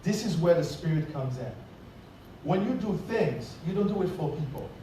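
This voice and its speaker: A man with a high voice preaches a sermon in a church sanctuary, and his words bounce around a very reverberant hall. He stands well back from the microphone and draws the congregation in with a story, often asking "right?". A faint hum of room noise runs underneath. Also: lively intonation, moderate pace, warm tone. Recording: very echoey church hall, distant mic.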